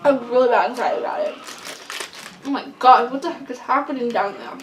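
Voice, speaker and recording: A young woman vlogger telling a long story in casual chat, rambling and excitable with lots of fillers. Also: on the high side, fast talker, slight background noise. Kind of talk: casual storytelling while eating. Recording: echoey room, mic at a distance.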